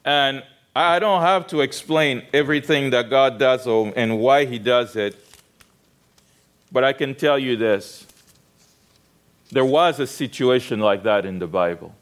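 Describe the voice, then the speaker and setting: A man's voice: medium pitch, a little slow, long pauses. A man preaching a sermon, retelling a story with rhetorical questions to the congregation and frequent restarts. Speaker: pastor.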